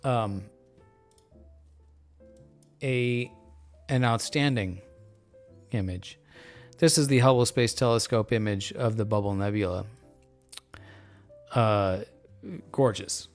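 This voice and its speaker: Slightly tipsy from beer, a man chats casually on a live stream in a lowish voice, meandering slowly through explanations, dropping plenty of fillers and cracking jokes. Faint, soft music sits behind him.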